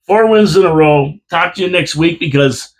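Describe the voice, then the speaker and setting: A man's voice: fairly high pitch, moderate pace. A man co-hosting a casual hockey chat from a radio studio, making emphatic, confident predictions. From Canada. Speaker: podcast co-host.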